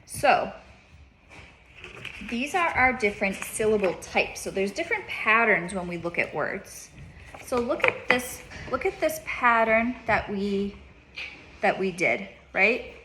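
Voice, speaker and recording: A woman's voice: mid-range voice, sing-song, slow, pushed and bright, a little hiss or hum. A woman teaching a child reading in a one-on-one lesson, patient, repeating her questions and checking in with "okay?".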